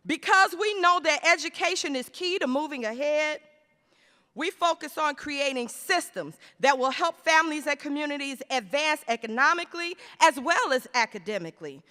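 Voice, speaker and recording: A woman delivers a conference speech from a podium microphone, rhetorical and emphatic, slowing to land her key phrases. Her voice sits high and rings bright. The sound carries the long tail of a large hall. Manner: rhetorical, emphatic with slowed stresses. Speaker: conference speaker. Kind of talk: plenary speech. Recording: reverberant hall.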